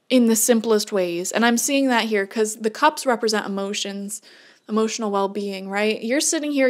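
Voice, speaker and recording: Woman, tarot reader, casual to-camera read, slightly high voice, blunt and earnest tough love.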